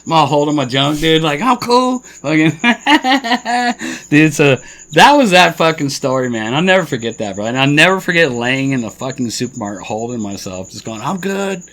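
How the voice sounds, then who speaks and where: A man's voice: medium pitch, a little fast, fairly bright tone. A man co-hosting a podcast, telling a story in a laid-back, profane way and saying "dude" constantly. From Colorado. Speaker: podcast co-host. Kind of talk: casual chat, storytelling.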